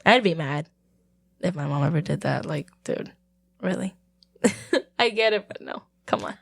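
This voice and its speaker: A woman's voice: sits low, animated, a little slow, vocal fry, breathy edge. A woman co-hosting a podcast, chatting casually with lots of restarts and giggles. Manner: rambling, many "like"s and restarts, giggly. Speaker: podcast co-host. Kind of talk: casual chat.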